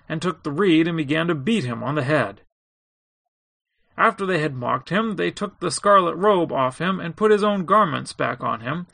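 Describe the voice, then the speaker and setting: A man reading scripture aloud in a steady, measured way, acting out the quoted lines with drama. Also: a little high, gravelly, dry recording. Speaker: Bible reader.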